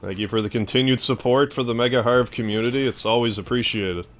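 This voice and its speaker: A man with a Canadian accent streaming a game, chatting casually and thanking viewers with excitable outbursts. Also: mid-range voice, fast, faint music behind. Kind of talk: casual gameplay commentary, thanking chat.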